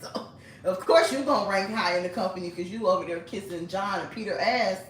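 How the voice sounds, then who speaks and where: A woman's voice: medium pitch, brisk, a little hiss or hum. Blunt woman in an echoey room. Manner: blunt, chatty, frequent swearing and laughter. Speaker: vlogger. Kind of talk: casual storytelling. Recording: echoey room, mic at a distance.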